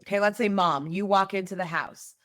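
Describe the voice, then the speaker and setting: A woman's voice: medium pitch, fairly quick, fairly bright tone, dry recording, studio quality. Conversational woman podcast host. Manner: conversational and emphatic, explains with examples. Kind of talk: solo podcast talk.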